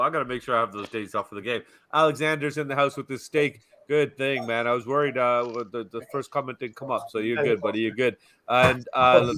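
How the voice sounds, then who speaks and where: Bright, chatty man hosting a live stream. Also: medium pitch. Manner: chatty, greets viewers warmly. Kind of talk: casual live stream chat.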